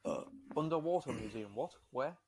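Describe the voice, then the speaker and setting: A man co-hosting a podcast in loose, jokey banter with friends. He riffs on strange facts with an easy comic push, in a mid-pitched voice. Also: expressive, normal speed, a little mellow, husky. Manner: joking, riffs on absurd facts. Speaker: podcast co-host. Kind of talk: casual comedic banter. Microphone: podcast mic in a live online session.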